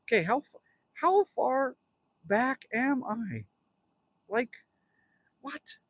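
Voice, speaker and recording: This man's pitch is extremely high and sing-song, his pace slow and his tone a bit bright, with a dry recording. He's a Canadian in his fifties livestreaming from outdoors at his cabin, rambling and joking as he reads viewer comments and talks right to his audience.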